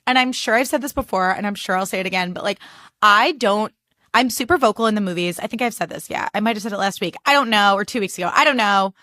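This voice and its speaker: Profane, animated woman podcast host. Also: medium pitch, quick pace. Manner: animated, profane, gushing and ranting. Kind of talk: casual solo podcast chat.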